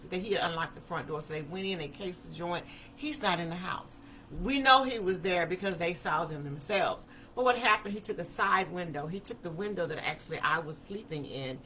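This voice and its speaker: A woman, giving an animated personal testimony talk and acting out the quotes as she goes. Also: fairly low pitch, a little hiss or hum. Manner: animated storytelling, acts out quotes. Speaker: speaker.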